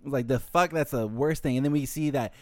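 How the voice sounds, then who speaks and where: A man co-hosting a casual anime podcast, his voice sitting at an ordinary middle pitch. He swears freely and drops into brief voices for the characters he recaps. The sound is dry and close. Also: no echo. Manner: casual, profane, acts out characters in quick impressions. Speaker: podcast co-host and editor.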